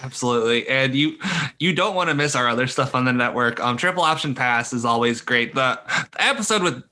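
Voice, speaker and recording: Young guy on a sports podcast going off, swearing a lot, voice jumps all over, bright tone. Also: mid-range voice, expressive, brisk. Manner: heated, swearing, ranting. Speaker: podcast co-host. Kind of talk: casual sports podcast chat.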